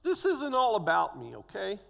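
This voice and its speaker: In a church sanctuary with long hall reverb, a church elder in his sixties gives a personal testimony, acting out the voices of people in his story. His high voice swings hugely in pitch, with vocal fry, a fairly bright tone and a moderate pace.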